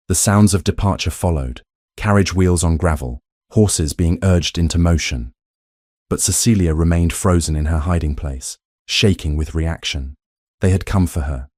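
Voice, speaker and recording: A man narrates a period romance in a deep, dark voice. His delivery is steady and measured, like a prepared audiobook reading. The recording is dry, with no room sound. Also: no room sound. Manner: even, measured storytelling.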